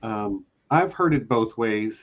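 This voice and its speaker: A man's voice: on the low side, lively intonation, slow. A man co-hosting a casual podcast discussion as a long-time fan, talking in an eager, emphatic way. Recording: dull lo-fi audio.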